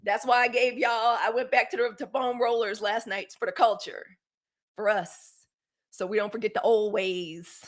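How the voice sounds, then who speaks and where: A woman's voice: on the high side, steady tone, normal speed. A woman in her fifties from Mississippi with a Southern accent, hosting a casual live news stream and chatting straight to her viewers. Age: 50s. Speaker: live news show host.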